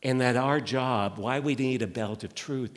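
Preaching in a church sanctuary, this lead pastor takes an unhurried, conversational approach full of quoted asides and frequent restarts. His voice is medium in pitch, trailing a long reverb tail.

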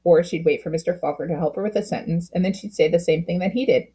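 A woman reading a children's book aloud with expressive storytelling, slowing down at key moments. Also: lowish voice, slightly rough. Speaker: storybook reader.

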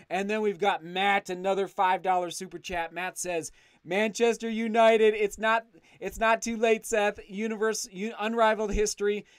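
Excited high-voiced man hosting a live stream. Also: clear, resonant tone, no room sound, clean studio sound. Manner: enthusiastic, grateful, often restarts words. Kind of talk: live stream chat, reading super chats. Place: home studio indoors.

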